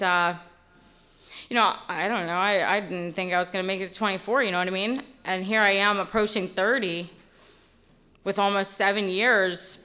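A woman's voice: mid-range voice, bright, forceful tone. A woman in her late twenties giving a candid, rambling personal testimony at a recovery meeting, full of fillers. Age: late 20s.

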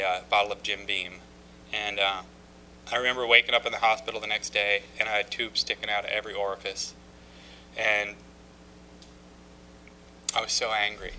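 A man with a very bright, sharp-edged voice tells his recovery story to a group. He speaks haltingly, often restarting his sentences, and mocks himself with wry humor along the way. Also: on the low side, a little hiss or hum, poor audio. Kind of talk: personal testimony talk.

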